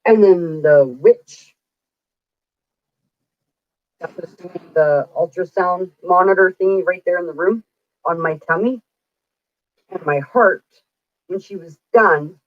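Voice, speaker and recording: A woman's voice: lowish voice, slow, pauses often, no room sound. A woman in her forties chatting casually on a livestream, telling stories bluntly and swearing freely. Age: 40s. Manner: blunt, profane storytelling. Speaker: livestream host. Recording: dull lo-fi dry sound.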